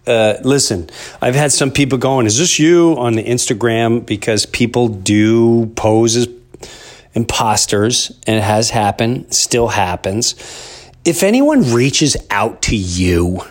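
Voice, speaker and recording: A man in his fifties hosting a podcast, telling a rambling story in a casual monologue that jumps into loud disbelief. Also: mid-range voice, lively intonation, takes it slowly. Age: 50s. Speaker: podcast host.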